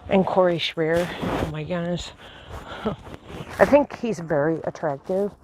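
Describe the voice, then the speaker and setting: A woman's voice: lowish voice, unhurried. A woman vlogging on a nature trail, breathless and chatty, full of fillers and amazement, speaking outdoors into a handheld camera. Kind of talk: casual walking vlog. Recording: noisy outdoor handheld recording.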